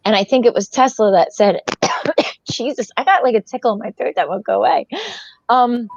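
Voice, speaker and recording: A woman's voice: on the high side, moderate pace, creaky, no room sound. A woman in a casual chat, chatty, coughing and laughing now and then. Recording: dull, dry lo-fi sound.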